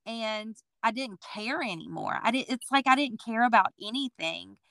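With a fairly high voice at a normal speed, a boutique owner in her forties shares her story as an interview guest. She animates the telling by performing other people's words, and the recording has no room sound.

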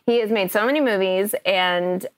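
A woman in a casual podcast chat, telling a story with lively energy and plenty of fillers. Her voice sits at a middle pitch. The sound is close and dry. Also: moderate pace, no echo. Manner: animated, chatty, many fillers. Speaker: actress guest.

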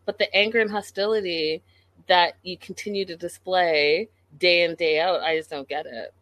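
A woman's voice: lowish voice, steady tone, moderate pace, a bit bright. A woman giving a casual commentary recap of a reality show in an exasperated, incredulous way, talking straight to the people on the show.

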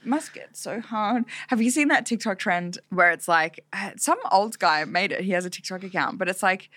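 A young woman co-hosting a podcast in casual chat, animated and swearing freely. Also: mid-range voice, normal speed, no room sound. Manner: animated, swears freely, acts out quotes in exaggerated voices. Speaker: podcast co-host.

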